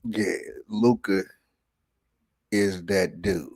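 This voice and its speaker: A man with a somewhat low voice talks straight to the camera in a loose monologue. He sounds preachy and keeps pausing to check that the listener is following. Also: fairly even intonation, a little mellow, slightly rough. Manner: preachy, keeps asking "right?". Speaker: vlog host. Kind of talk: casual conspiracy monologue.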